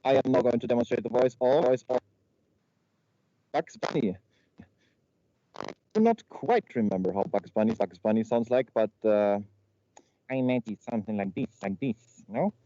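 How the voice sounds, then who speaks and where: A man's voice: mid-range voice, expressive, moderate pace, long pauses, dark tone, no room sound. A man improvising a comedy slide presentation over a video call, stumbling and repeating his words as he goes. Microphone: video call microphone. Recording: muffled lo-fi call audio with faint noise.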